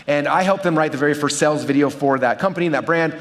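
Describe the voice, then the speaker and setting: A man's voice: a little high, fast talker. A man giving a live seminar talk to an audience, telling stories energetically and checking in with his listeners. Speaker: seminar speaker teaching marketing.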